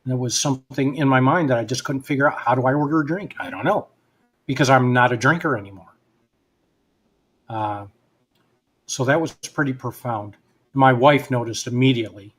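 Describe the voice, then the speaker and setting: Man of mid pitch, relaxed podcast guest, tells easygoing anecdotes and plays both sides of the dialogue. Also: moderate pace, long pauses, slightly rough. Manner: relaxed storyteller who acts out both sides of remembered dialogue. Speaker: guest hypnotist. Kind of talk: casual anecdotal storytelling.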